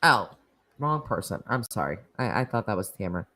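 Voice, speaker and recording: With an extremely low, sing-song voice and a sharp tone, a Northeastern American woman talks fairly quickly as she hosts a casual live-stream chat. She reads out viewers' comments and rambles chattily, full of "like" and laughter.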